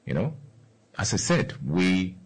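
Low husky man, lively questioning delivery. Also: slow pace, poor audio. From Namibia. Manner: repeats key phrases, asks the listener questions. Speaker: radio or podcast host. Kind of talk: solo commentary on the economy.

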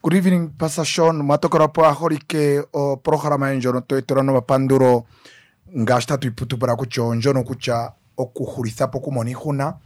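A man's voice: medium pitch, little pitch movement, fast talker, no room sound. A man speaking as a guest pastor in a radio studio, preaching fervently to the listeners. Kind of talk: radio ministry broadcast.

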